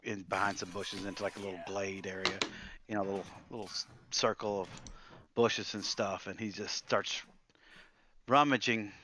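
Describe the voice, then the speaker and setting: A man's voice: on the low side, steady tone, normal speed, background noise. A man playing a tabletop game, narrating what his character does in descriptive detail, with many fillers. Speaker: player.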